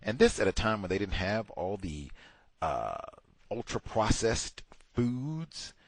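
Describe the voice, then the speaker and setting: Low-voiced man discussing a book. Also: big pitch swings, slow pace, no room sound. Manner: conversational, digressive, with sudden loud mocking asides. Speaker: book club host. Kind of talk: casual commentary on a book.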